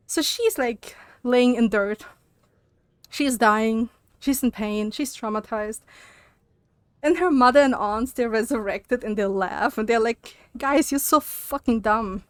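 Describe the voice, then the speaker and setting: Slow-talking young woman streamer ranting. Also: a little high, smooth, no echo. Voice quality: ranting, laughing, swearing freely. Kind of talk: casual chat while gaming.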